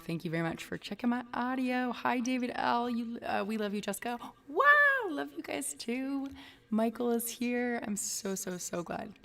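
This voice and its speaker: A woman's voice: medium pitch, far from the mic. A woman hosting a casual livestream, greeting viewers by name and chatting loosely. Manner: chatty, reads out viewer names. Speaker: livestream host.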